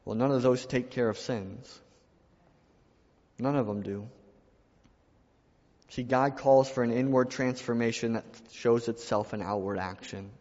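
A man's voice: medium pitch, measured pace, pauses often, a little mellow. A man preaching a sermon to his church, repeating phrases and building emphasis as he speaks. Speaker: pastor. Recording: dull sound with long hall reverb.

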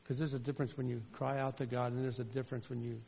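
A man preaching a sermon as a pastor, shifting from loud fervent calls to quiet personal storytelling. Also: mid-range voice, level tone, fast, creaky, slight background noise. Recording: dull sound with long hall reverb.

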